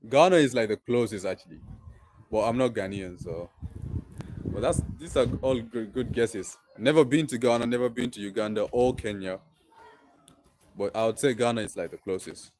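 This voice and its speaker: A man's voice: medium pitch, normal speed, a little mellow, a little hiss or hum, poor audio. A young man in his twenties from Nigeria with a mixed Nigerian and British accent, chatting casually on a live stream and dropping "like" and "bro" often. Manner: laid-back, fills with "like" and "bro".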